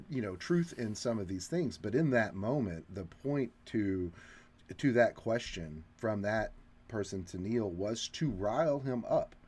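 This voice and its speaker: A man with a lowish, somewhat dark voice co-hosts a casual film discussion, explaining what drives the characters. He's analytical, unpacking their motives and noting the scripting, with the occasional filler word.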